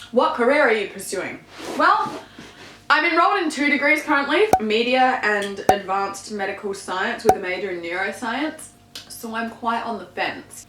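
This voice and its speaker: A woman's voice: fairly high pitch, animated, moderate pace, fairly bright tone, echoey room, a little hiss or hum, poor audio. A young woman vlogger chatting casually and candidly through a Q&A while eating, swearing freely and laughing easily. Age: young adult.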